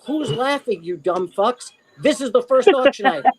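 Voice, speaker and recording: A brash comedian mocks and scolds a crowd of rich people, swearing at them, as a man puts him on. The voice sits noticeably higher than his normal speech and comes out loud and pushy. It is a mocking, heckling delivery. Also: moderate pace, a little hiss or hum, close to an everyday voice, low-quality recording. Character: profane comedian bullying rich donors at an auction.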